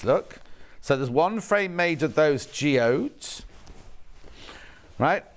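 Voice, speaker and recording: A man's voice: fairly high pitch, a bit bright, clean tone. A man presenting live on a shopping channel, chatting as he points out each fabric and reads out viewer messages. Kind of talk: live TV sales demonstration. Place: TV studio.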